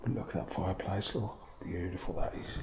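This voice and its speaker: A man with a low voice talks his way through an abandoned old building. He drops into half-whispers and swears casually as he points things out. A handheld camera mic picks him up over a heavy wash of background noise. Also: brisk. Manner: half-whispered, sweary, matter-of-fact asides. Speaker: urban explorer vlogger. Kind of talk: casual exploring commentary.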